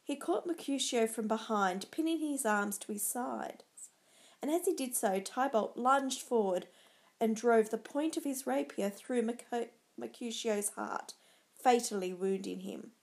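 A woman narrating a dramatic story in a measured storybook style. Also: on the high side, vocal fry.

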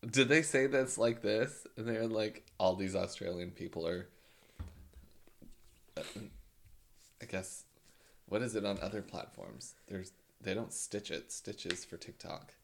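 A man's voice: deep voice, fairly even intonation, measured pace, vocal fry, long pauses, a little mellow. A man co-hosting a casual podcast, goofy and rambling, often searching for his words. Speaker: podcast co-host. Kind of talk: casual chat.

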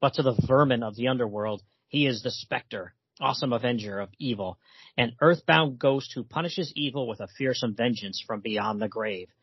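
A man voicing a deep-voiced horror-show announcer, reading slowly and ominously on a muffled recording. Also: husky, no echo. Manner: slow, ominous, dramatic.

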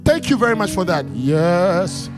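High-voiced man preaching in a reverberant church. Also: expressive, normal speed. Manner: emphatic, repetitive call-and-response preaching. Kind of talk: sermon. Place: church service. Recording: long hall reverb with faint music.

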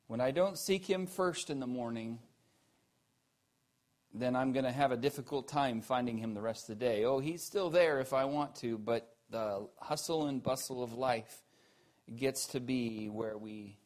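A man preaches a sermon earnestly and unhurriedly, asking his listeners questions, building to emphatic peaks before sinking low and quiet.

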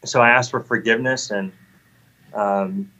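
A man's voice: mid-range voice, steady tone, unhurried, pushed and bright, muffled recording. A man in his thirties telling an earnest, heartfelt personal faith testimony in conversation. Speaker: guest sharing a testimony.

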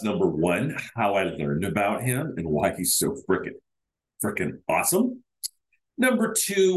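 A man's voice: on the low side, reverberant, low-quality recording. A man hosting a casual solo podcast. He talks in a chatty, rambling way, with plenty of fillers and self-corrections. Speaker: podcast host. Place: home setup in Iowa.

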